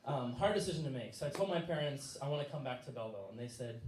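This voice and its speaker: A man's voice: medium pitch, expressive, very fast, darkish tone, a little hiss or hum. A young man telling a personal story live on stage, casual and laughing, with many fillers. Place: stage in a small venue. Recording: echoey room from far off.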